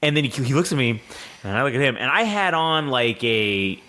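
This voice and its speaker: Fast, lively, bright-voiced man. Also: mid-range voice. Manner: rambling, profane storyteller, acts out voices. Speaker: co-host. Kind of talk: casual podcast chat.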